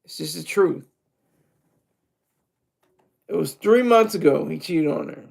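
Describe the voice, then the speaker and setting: A man's voice: a little high, lively intonation, unhurried, creaky, darkish tone. A man streaming a crude, mocking, rambling commentary rant.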